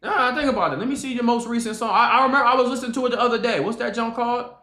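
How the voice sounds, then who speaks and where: Brief: excitable male streamer, mocking and emphatic, roomy echo on the voice. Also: very high voice, very fast. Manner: animated, emphatic, mocking, repeats himself. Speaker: streamer reacting to a video. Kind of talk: casual reaction commentary.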